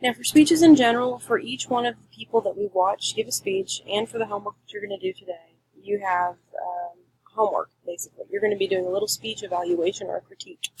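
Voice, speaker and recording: Woman, teacher, clear emphatic lecturing, gravelly voice. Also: medium pitch, fast, a little mellow, low-quality recording. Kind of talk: recorded classroom lecture.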